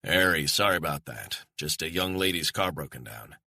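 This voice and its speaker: A man's voice: extremely low pitch, lively intonation, moderate pace, sharp tone, no room sound, full character voice. A man with an American accent narrating an audiobook, voicing a terse, guarded male operative.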